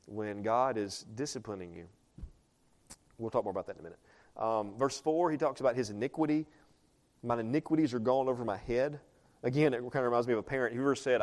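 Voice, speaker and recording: A man's voice: medium pitch, brisk, a little mellow. A man preaching a sermon, talking conversationally, asking the congregation questions and reading scripture aloud. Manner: reads scripture aloud in older English. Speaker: pastor.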